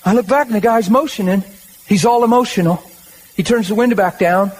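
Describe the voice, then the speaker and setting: A man's voice: sits high, brisk, darkish tone, slightly rough. A man preaching a sermon in a conversational, emphatic way, with frequent rallying asides to the congregation.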